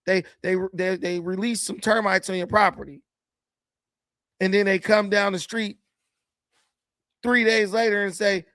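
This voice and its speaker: A high-voiced man hosting a casual political commentary show, mocking and laughing, slangy and repetitive. His voice is close and dry, without any room sound. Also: little pitch movement, moderate pace, a bit bright, dry recording. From United States.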